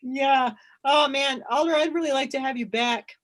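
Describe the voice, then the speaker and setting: A woman's voice: sits high, moderate pace. A woman co-hosting a sports podcast in casual chat, upbeat and often giggling. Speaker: podcast co-host.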